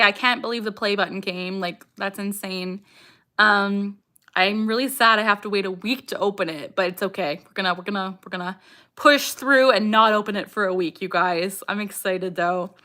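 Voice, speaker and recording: A woman's voice: mid-range voice, sharp tone. A young woman from Canada hosting a casual livestream, chatting with viewers and reading out comments, with vocal tics breaking into her speech. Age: young adult. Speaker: livestream host.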